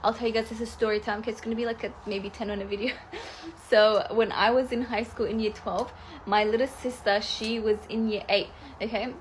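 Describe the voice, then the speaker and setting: A woman's voice: fairly high pitch, level tone, a little hiss or hum. A young woman telling a personal story to camera in a chatty, filler-heavy way. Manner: chatty, fast, full of "like" fillers. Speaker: vlogger.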